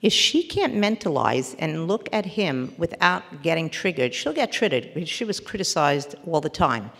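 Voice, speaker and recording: A woman therapist gives a parenting workshop in a somewhat low voice, earnest and emphatic. She often breaks off mid-word and starts again. Her voice carries a long hall reverb. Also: big pitch swings, moderate pace, gravelly, a bit bright. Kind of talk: workshop lecture.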